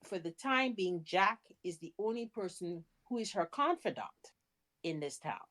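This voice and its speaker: A woman co-hosting a casual podcast, emphatic and quick to agree and add details. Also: on the low side, expressive, a bit bright. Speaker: podcast co-host. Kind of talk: casual rewatch podcast chat.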